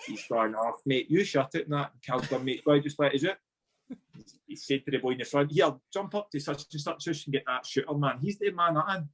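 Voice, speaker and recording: A man's voice: fairly high pitch, brisk. A Scottish man, a former footballer, casually telling a story and acting out the voices of the people in it. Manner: animated, swearing, acts out dialogue.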